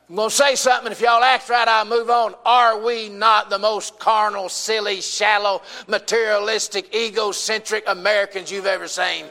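High, bright-voiced Southern preacher. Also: male voice, flat delivery, normal speed, few pauses, big-room sound. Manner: folksy, emphatic, calls out to the congregation. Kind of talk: sermon.

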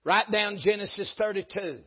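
A man preaches a folksy, emphatic sermon, swinging between loud peaks and low asides. His voice sits high and sounds husky. The recording is dull and lo-fi. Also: normal speed. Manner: folksy, emphatic preaching with sudden rises and drops. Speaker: pastor.

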